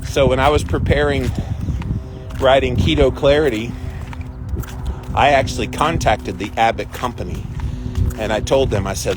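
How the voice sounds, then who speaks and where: A man's voice: mid-range voice, moderate pace, long pauses, music in the background. A man hosting a livestream, casually and animatedly retelling an anecdote to his viewers. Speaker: host.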